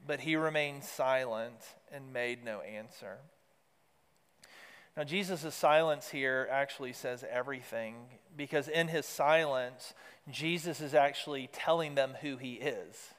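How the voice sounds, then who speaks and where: A man's voice: medium pitch, a little slow, a bit bright, in a large hall. A man preaching a sermon, building emphasis through repeated phrases and rising, earnest delivery. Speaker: pastor.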